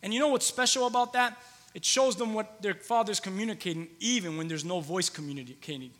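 A man's voice: sits high, fairly quick, fairly bright tone, in a large hall. A man in his thirties preaching a conversational sermon in a church, repeating phrases for emphasis. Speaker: pastor. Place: church hall with long reverb.

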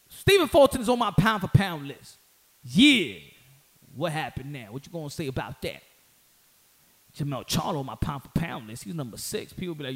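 A man with a high-pitched voice riffs on boxing in casual solo commentary. He talks in slang, repeats lines for emphasis and heats up into loud outbursts. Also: very animated, fast.

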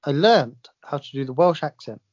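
A man's voice: fairly high pitch, expressive, moderate pace, a little mellow, slightly rough. A man co-hosting a podcast in casual chat, dry and self-mocking, often chuckling. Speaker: podcast co-host. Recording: dull lo-fi podcast audio.

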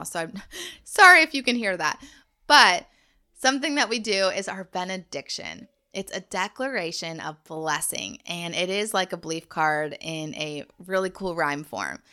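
Woman in her thirties, podcast host, bright tone, earnest, encouraging. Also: lowish voice, clear, resonant tone. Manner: earnest, encouraging, faith-based. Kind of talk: casual solo podcast talk. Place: home.

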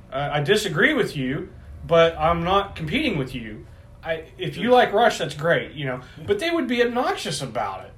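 A middle-aged man talking casually over beers, his voice rising and falling with lively swings in pitch. He wanders through his thoughts, corrects himself mid-sentence, and swears freely. His voice sits a touch higher than most men's. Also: normal speed. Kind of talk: casual chat.

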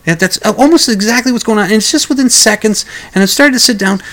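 A man's voice: sits high, fast talker, a bit bright. A man hosting a talk radio show, telling a story in a rambling way, with stammered restarts and chuckling asides. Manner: acts out quoted lines in a raised voice.

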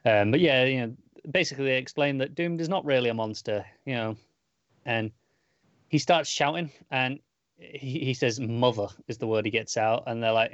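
A man's voice: medium pitch, moderate pace, no echo, lo-fi sound. A man co-hosting a comics podcast, recapping an issue in a loose, rambling way with lots of fillers and restarts. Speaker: podcast co-host reviewing comics. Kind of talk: casual chat.

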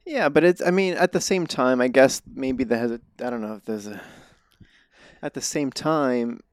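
A man's voice: medium pitch, normal speed, no echo, clean studio sound. A man hosting a casual interview, asking questions hesitantly and often restarting them. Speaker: podcast host.

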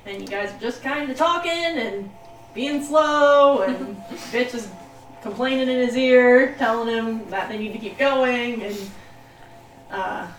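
A woman running a tabletop game as game master, narrating in a relaxed way with frequent laughs. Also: a little high, measured pace. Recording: echoey room, distant mic, hiss.

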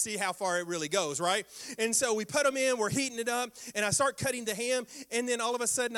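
High-pitched, bright-voiced male pastor. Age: older. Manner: animated storytelling with sound effects and prayer. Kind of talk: sermon.

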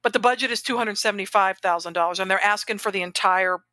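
Chatty bright-voiced woman. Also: medium pitch, quick pace, no room sound. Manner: animated, chatty, rambling with self-corrections. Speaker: podcast co-host, grant professional. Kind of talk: casual podcast chat.

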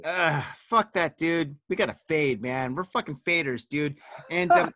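With a high-leaning, bright, forceful voice, the man speaks expressively and without hurry in a dry recording. He's hosting a relaxed podcast chat while tipsy on wine, rambling through stories laced with profanity and frequent "dude" and "man."

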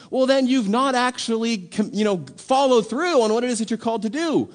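High-voiced man preaching a sermon. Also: animated, moderate pace, hardly any pauses. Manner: conversational, emphatic preaching with rhetorical questions. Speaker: pastor.

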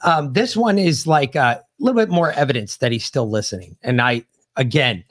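Male podcast host, casual rambling delivery, animated pitch. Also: brisk. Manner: rambling, restarts, lively intonation. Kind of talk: casual political chat.

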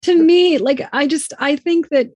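A woman's voice: high voice, measured pace, darkish tone, no room sound, studio quality. A woman hosting a casual conversation, chatty and telling stories. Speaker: podcast host.

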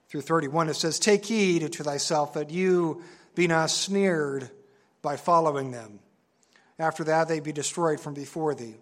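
A man giving an earnest, emphatic sermon-style Bible teaching, slowing down to stress key words and reading scripture aloud. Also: on the high side. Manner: reads scripture aloud in old-fashioned wording.

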